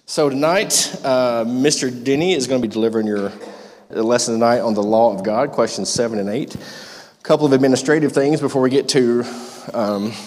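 A man's voice: medium pitch, a little fast, a little mellow. A man leading a youth group, making loose, rambling announcements full of fillers and then reading a devotional aloud in a church meeting room. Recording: long hall reverb.

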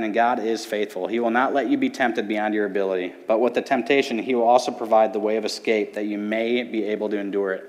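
A man in his thirties giving an earnest personal testimony in church, telling his story with quoted voices. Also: on the low side. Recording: hall reverb.

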